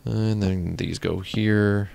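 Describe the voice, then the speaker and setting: A man's voice: on the low side, steady tone, slow, creaky, a little mellow. A man hosting his own gaming channel, chatting casually and thinking aloud while he builds. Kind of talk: casual gameplay commentary.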